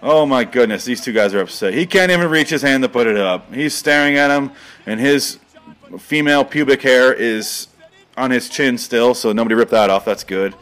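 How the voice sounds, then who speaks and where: A man at a middle pitch doing comedic play-by-play over a video. His delivery is deadpan and rambling, and it often breaks into excited outbursts. He sounds like a parody of a sports commentator. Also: moderate pace.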